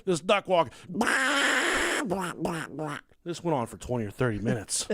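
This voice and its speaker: Guy telling a story on a podcast, pitch jumping all over, lots of laughing and swearing, dry close mic. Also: slow, husky, no room sound. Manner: animated, laughing, crude swearing. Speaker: podcast co-host. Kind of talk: casual storytelling.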